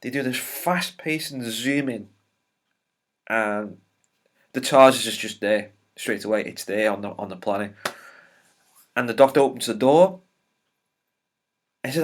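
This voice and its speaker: A man's voice: medium pitch, unhurried, long pauses. Rambling, opinionated male TV reviewer. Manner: rambling, with many filler ums and restarts; opinionated and exasperated. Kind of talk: casual spoiler review.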